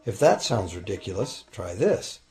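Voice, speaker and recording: A man giving a calm, explanatory scripted narration for a documentary. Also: deep voice, normal speed. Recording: voice-over with faint music behind.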